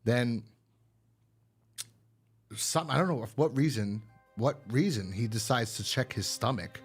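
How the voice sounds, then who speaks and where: A husky, medium-pitched man speaks a little slowly as he co-hosts a horror podcast, giving a rambling episode recap peppered with fillers and profanity. Music is faintly audible.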